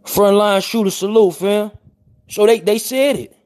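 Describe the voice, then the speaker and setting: A man doing heated casual livestream commentary, slangy and animated, firing off rhetorical questions. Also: high voice, a little slow.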